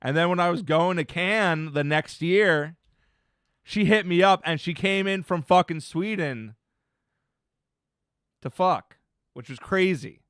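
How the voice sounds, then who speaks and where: Man, 30s, streamer, casual rambling chat, smooth clear tone, dry close sound. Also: sits high, takes it slowly, pauses often, no room sound. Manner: rambling, laid-back, trails off quietly, laughs often.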